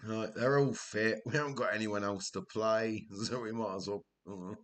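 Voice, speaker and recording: A man's voice: lowish voice, steady tone, normal speed. A man with a Welsh accent hosting a live game stream, chatting casually, laughing often and telling rambling family stories. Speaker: livestream host. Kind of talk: casual livestream chat.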